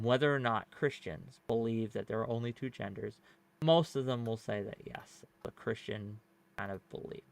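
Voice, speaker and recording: A man's voice: medium pitch, creaky, a bit bright, dry recording. A man hosting a debate panel, arguing his point at length with lots of fillers, restarts and rhetorical "right?" tags. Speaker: panelist and show host. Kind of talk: casual debate argument.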